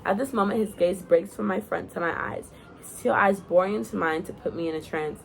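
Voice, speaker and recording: A woman's voice: fairly low pitch, fairly quick, gravelly, slight background noise, poor audio. Young woman reading her story aloud, chatty. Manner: giggly, chatty asides to viewers.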